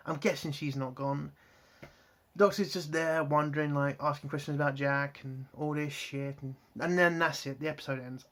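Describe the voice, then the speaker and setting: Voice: medium pitch, fairly bright tone. A reviewer recapping a TV episode in a casual spoken review, ranting angrily with heavy swearing. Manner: angry, profane ranting.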